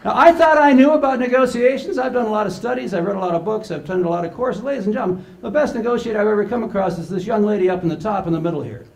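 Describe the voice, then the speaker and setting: An older man giving a humorous keynote to a conference audience, an animated storyteller who acts out the dialogue. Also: high voice, racing, gravelly, few pauses. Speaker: conference speaker. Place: large conference hall with live audience. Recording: echoey conference hall.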